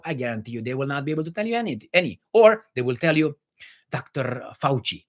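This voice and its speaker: A man's voice: fairly high pitch, expressive, fast, a little mellow. A man hosting a livestream, reading viewer comments and giving blunt opinions in casual chat, with many fillers and restarts.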